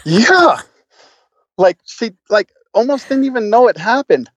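A man guest on a podcast, telling a story in a casual, profane, animated way with lots of fillers and restarts. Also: very high voice, unhurried, dry recording.

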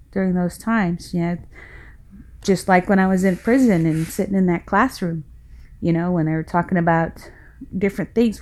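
A woman's voice: fairly low pitch, darkish tone. Breathless, passionate middle-aged woman podcaster. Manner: passionate, rambling, folksy, with frequent laughs. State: a little out of breath. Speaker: podcast host. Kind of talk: casual personal podcast monologue.

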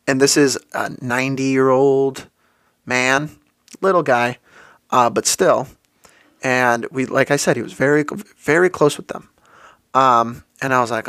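Casual swearing young podcast host. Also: male voice, medium pitch, steady tone, measured pace, a bit bright, dry recording, studio quality. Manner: casual and profane, with many fillers and quoted asides. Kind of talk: solo podcast storytelling.

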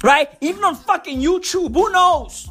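A woman's voice: very high-pitched, animated, moderate pace, fairly bright tone, soft background music. A woman from South Africa delivering a heated, swearing comedic rant full of slang and repetition. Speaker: comedic ranter.

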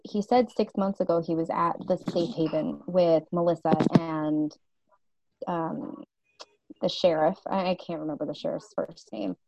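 A woman's voice: on the low side, dark tone, no echo. A young woman co-hosting a podcast, chatting casually with lots of fillers and easy laughs. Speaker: podcast co-host. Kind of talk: casual chat. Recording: dull lo-fi sound.

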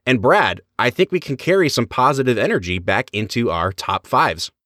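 A man's voice: mid-range voice, sing-song, moderate pace, sharp tone, no room sound, studio quality. A man co-hosting a podcast, chatting enthusiastically with his co-host. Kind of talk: casual chat.

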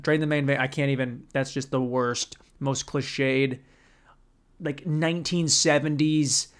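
A man doing stand-up storytelling in a profane, rambling, bro-ish way. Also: a little high. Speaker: stand-up comedian.

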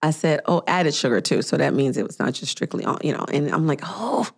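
A woman in her thirties, a podcast host, chatting casually and telling an animated story, acting out the people she quotes. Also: low voice, quick pace. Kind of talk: casual chat.

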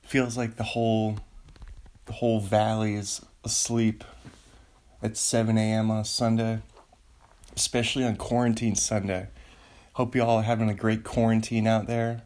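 A man hosting a solo podcast, rambling and excitable, joking around as he talks from his home studio. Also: lowish voice, moderate pace, long pauses. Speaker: podcast host.

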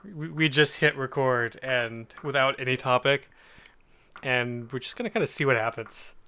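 A man co-hosting a podcast in easy chat, joking and tripping over his opening words. His voice is bright and forward, with a smooth, clean tone. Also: mid-range voice, moderate pace. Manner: joking, stammers on first words. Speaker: podcast co-host. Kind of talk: casual chat.

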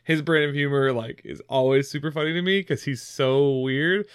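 A man talks through a movie plot in loose, filler-packed chat, laughing often as he goes. His voice sits a bit high for a man. The sound is close and dry. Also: moderate pace, smooth, no echo. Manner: rambling, filler-heavy, giggly. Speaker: podcast co-host. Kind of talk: casual movie recap chat.

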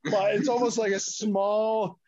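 A man's voice: high voice, fairly even intonation, a little slow, darkish tone, muffled recording. A man co-hosting a podcast, joking loosely in casual chat.

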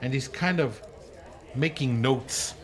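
A man's voice: mid-range voice, slow. A man narrating a tabletop game as game master, loose and hesitant with many fillers.

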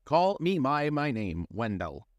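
A man voicing a calm, polite male spaceship computer in a storybook reading. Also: medium pitch, a little slow, no room sound, studio quality, pitched above the performer's own voice.

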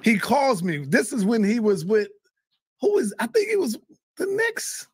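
A man telling a heated, profane story in casual talk, often shouting. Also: extremely high pitch, huge pitch swings, a little slow, slightly rough, no room sound. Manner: swears a lot, heated. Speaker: guest. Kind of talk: animated storytelling.

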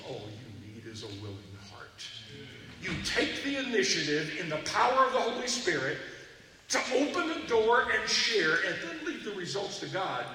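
An animated man from Texas preaches a storytelling sermon. He slips into the voices of the people in his stories. His voice comes from far off in a big, echoing hall, with noise behind it. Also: a little high. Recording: echoey hall from far off, noisy.

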